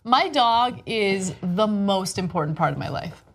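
A woman's voice: mid-range voice, lively intonation, breathy edge. A woman hosting a news talk show, chatting casually and gushing over a feel-good story. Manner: chatty, gushing, quick asides.

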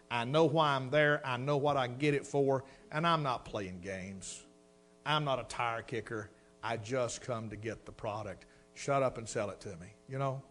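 A man's voice: mid-range voice, fairly bright tone. A middle-aged man preaching a sermon, telling a folksy personal story and addressing the congregation as folks.

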